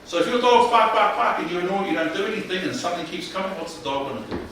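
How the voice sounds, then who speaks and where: Animated New man leading a workshop. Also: high-pitched, racing. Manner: animated, colloquial, asks the audience questions. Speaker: workshop presenter. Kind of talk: mental health workshop talk. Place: room with live audience. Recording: echoey room, distant mic, faint noise.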